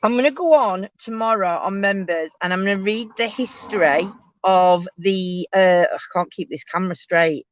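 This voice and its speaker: A woman's voice: mid-range voice, normal speed, no echo. A chatty woman rambles from inside a car, laughing often and filling gaps with ums. Her voice sits in the middle of the range, and the sound is close and dry, caught on a handheld camera. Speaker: host of a ghost tour show. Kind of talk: casual chat from a car. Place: inside a moving car at night.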